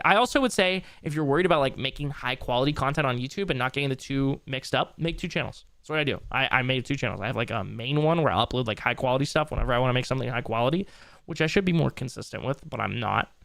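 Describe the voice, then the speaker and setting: Fast-talking, tired young streamer man. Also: medium pitch, vocal fry, fairly bright tone, dry recording. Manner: loose, rambling, swears casually. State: tired late in a long stream. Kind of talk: casual live-stream commentary.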